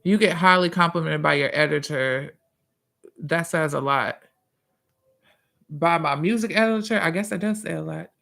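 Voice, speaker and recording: A man hosting a casual livestream, reading viewer comments and chatting in a profane, drawn-out way. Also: a little high, gravelly, pushed and bright. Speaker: livestream host and musician.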